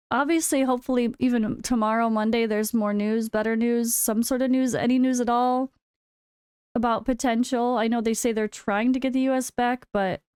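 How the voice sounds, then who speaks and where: An American woman with a fairly high, smooth, clear voice chats candidly to camera in a casual vlog. She speaks frankly and drops wry, sarcastic asides. The sound is dry and close, with no room echo. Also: darkish tone. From United States. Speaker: full-time gaming content creator. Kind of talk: casual chat.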